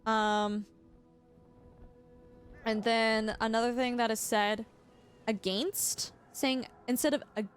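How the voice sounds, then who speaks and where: A woman's voice: fairly high pitch, fairly even intonation, slow pace, long pauses, clean tone, soft background music. A young Canadian woman with a Canadian accent, chatting casually with her live chat while streaming a game, laughing often and restarting sentences. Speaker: livestream gamer.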